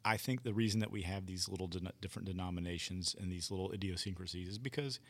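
A man's voice: low voice, quick pace. A man in casual talk-show chat, rambling thoughtfully with plenty of fillers. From United States.

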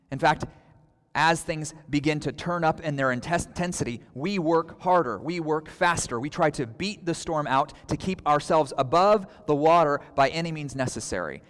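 Pastor, male, sermon delivery, slightly high voice, long hall reverb. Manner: earnest preaching with dramatic pauses and quoted outbursts.

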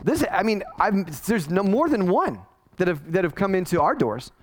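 A man's voice: sits high, sing-song, moderate pace. A man in his forties, a pastor, preaching a conversational sermon that is full of restarts and acted-out quotes.

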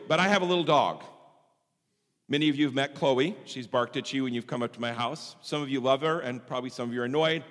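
A man pastor preaching a sermon with strong emphasis, swinging between loud and soft passages. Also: on the high side. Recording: long hall reverb.

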